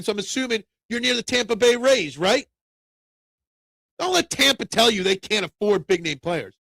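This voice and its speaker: Opinionated gravelly-voiced sports talk host. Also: male voice, high-pitched, a bit bright, dry recording. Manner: opinionated, rambling, answers viewer comments. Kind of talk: casual live-stream sports talk, reading chat.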